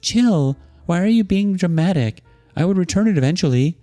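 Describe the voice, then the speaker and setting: An entitled young bride who snaps at people and waves off every complaint, as a man puts her on in a storytelling video. Her voice sits much higher than a plain speaking voice and swings around a lot, and there is soft music in the background. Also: sing-song, brisk. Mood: dismissive. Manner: snappy, brushing things off.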